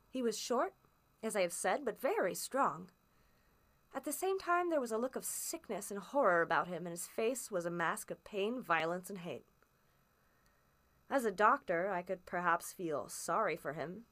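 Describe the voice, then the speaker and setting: A woman reading a classic story aloud as a first-person narrator, steady and expressive in emphasis. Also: mid-range voice. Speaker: audiobook reader.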